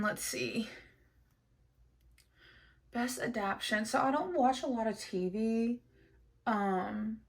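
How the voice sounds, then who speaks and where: Chatty, gushing woman book vlogger. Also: medium pitch. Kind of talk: casual chat to camera.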